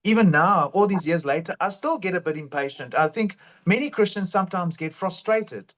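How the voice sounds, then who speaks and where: A man's voice: high voice, moderate pace, fairly bright tone. A man telling his faith testimony in an earnest, fervent way. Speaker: guest sharing testimony. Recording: dull lo-fi sound.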